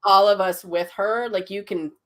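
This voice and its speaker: A woman hosting a casual chat, vividly retelling a story and acting out the voices in it. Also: normal speed. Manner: animated retelling, acts out quotes with big pitch jumps. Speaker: host, psychic medium.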